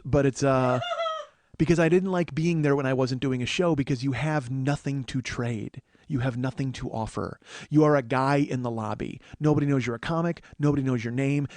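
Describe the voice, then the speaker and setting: A man's voice: medium pitch, a little mellow, no room sound. Comedian host, middle-aged man, exasperated profane storyteller, bone-dry mic. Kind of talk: storytelling monologue.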